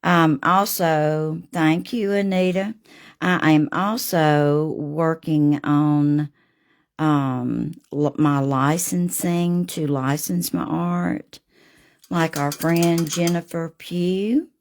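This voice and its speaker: Slow, gravelly woman painting live. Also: sits low, fairly even intonation. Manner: homey and gushing, talks to viewers by name. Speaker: artist hosting a live painting session. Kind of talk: casual live painting demo with viewer chat.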